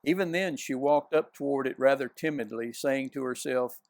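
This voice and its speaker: Male storybook reader, gravelly voice, dry close sound. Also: medium pitch, moderate pace, hardly any pauses, no room sound. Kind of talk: reading a children's novel aloud.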